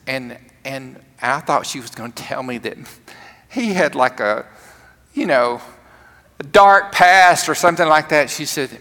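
A man's voice: a little high, unhurried, vocal fry, bright, forceful tone. A male pastor delivering a conversational sermon with humor, often restarting his sentences as he tells a story. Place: church sanctuary. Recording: long reverb of a large church.

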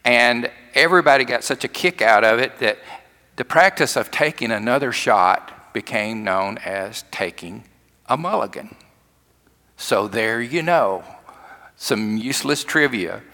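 Gravelly preacher in a reverberant church. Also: male voice, mid-range voice, animated, measured pace. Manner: folksy storytelling, shifts from loud to hushed. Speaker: pastor. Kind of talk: sermon.

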